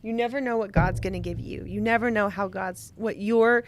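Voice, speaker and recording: A woman of middle pitch speaks in a relaxed podcast chat. She is earnest and encouraging, and she laughs easily as she talks. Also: normal speed, a little hiss or hum. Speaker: podcast co-host. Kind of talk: casual chat.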